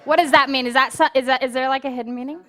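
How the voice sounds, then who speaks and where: A woman's voice: high voice, steady tone, very fast, a bit bright. A woman minister giving a casual talk to her congregation, giggly and playful, laughing between phrases. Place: spiritual center service before a live audience.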